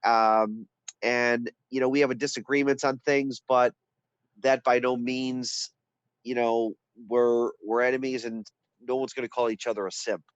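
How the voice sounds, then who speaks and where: Congested middle-aged man, halting speech. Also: mid-range voice, flat delivery, smooth, no room sound, dull audio. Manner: halting, repeats words and fills with "uh". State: congested with a cold. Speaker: guest. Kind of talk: casual conversation on a live stream.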